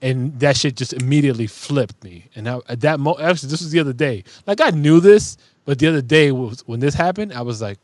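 A man's voice: animated, brisk, hardly any pauses, no echo. Conversational podcast host, man. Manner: conversational, drops to a low mutter, swears casually. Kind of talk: casual chat.

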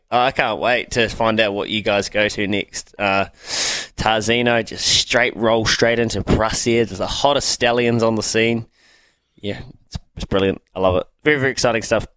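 A man's voice: fairly low pitch, a bit bright, no room sound. A man hosting breakfast radio, talking enthusiastically and steering the show. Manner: enthusiastic, upbeat show-running. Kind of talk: casual radio chat.

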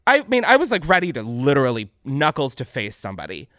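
Animated, swearing young man ranting. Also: medium pitch, fast, no room sound, studio quality. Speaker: vlogger host. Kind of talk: casual ranting monologue.

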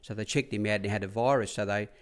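A middle-aged man with an Australian accent recounts old stories from the stables in a relaxed, meandering way. His voice sits a little low. He keeps slipping into quoted dialogue. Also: racing. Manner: rambling anecdotes, acts out quoted dialogue, repeats "I said". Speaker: racehorse track rider. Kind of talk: casual storytelling interview.

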